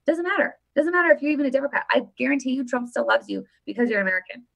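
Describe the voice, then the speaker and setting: A woman vlogger giving casual live-stream political commentary, emphatic and animated, often repeating her phrases. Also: high voice, racing, creaky.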